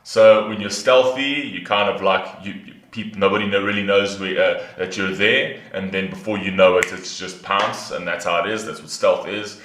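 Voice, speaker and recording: A man's voice: deep voice, fairly even intonation, moderate pace, few pauses, fairly bright tone, a little hiss or hum. A man hosting a reaction video, talking casually and animatedly, swearing freely and acting out imagined inner voices. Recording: roomy echo.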